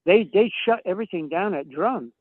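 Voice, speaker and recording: A man guest with a slightly high voice tells rambling stories on a podcast. He swears freely and acts out what everyone said. His voice comes through a tinny, phone-like line with a dry sound. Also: animated, normal speed, dry recording. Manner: profane, acts out quoted dialogue. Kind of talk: casual storytelling chat.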